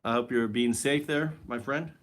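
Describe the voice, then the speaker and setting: A man hosts a rambling solo livestream from home, his medium-pitched voice steady and his pace moderate. His humor is wry, and he keeps speaking to an unseen listener who stays silent as the casual talk drifts.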